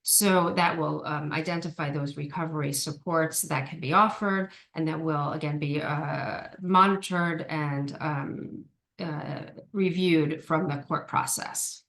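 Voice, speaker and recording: Low-voiced woman presenting a training. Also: fairly even intonation, a little slow, vocal fry, fairly bright tone. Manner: explanatory, with frequent ums and restarts. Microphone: video call.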